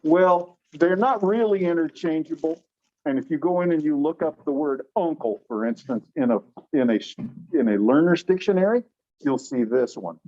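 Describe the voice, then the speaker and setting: A man teaching a classroom lecture on English sounds, relaxed and explanatory, slowing down to demonstrate words. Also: fairly high pitch. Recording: dull lo-fi classroom recording.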